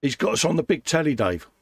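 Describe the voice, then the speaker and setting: A man chats casually as the host of a hobby livestream, greeting viewers by name and calling everyone mate. His voice sounds dry and close, with little room sound. His pitch sits in a middle range. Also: no room sound. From England. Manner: chatty, warm greetings to viewers, calls people mate. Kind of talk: casual chat.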